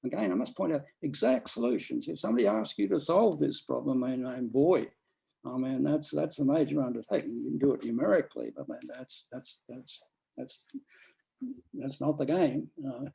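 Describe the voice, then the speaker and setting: A man's voice: medium pitch, moderate pace, vocal fry, dark tone, slightly rough, low-quality recording. A man giving an academic seminar talk, rambling with frequent restarts and fillers. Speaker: lecturer.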